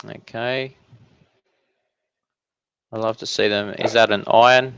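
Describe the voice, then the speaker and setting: A man's voice: lowish voice, fairly even intonation, slow, vocal fry, fairly bright tone, lo-fi sound, slight background noise. A man hosting a casual live-stream Q&A from his home office, chatty and upbeat with many fillers and restarts. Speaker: weather channel host answering viewer questions.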